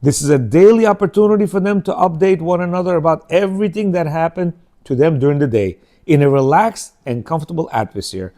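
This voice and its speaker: Man, religious class teacher, mellow tone, slightly high voice, rhetorical questions, acts out dialogue. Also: brisk, hardly any pauses. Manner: uses Hebrew religious terms.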